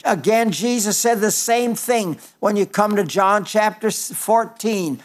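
An older man delivers a sermon in a high-pitched voice. He halts and restarts often, leaning on fillers, then slows and rises for quoted scripture. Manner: halting, with frequent restarts and fillers. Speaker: preacher.

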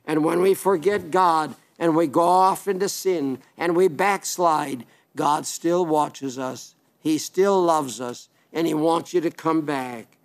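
A man's voice: a little high, slow pace, hardly any pauses. An older man preaching an earnest sermon, pleading with listeners and repeating phrases for emphasis.

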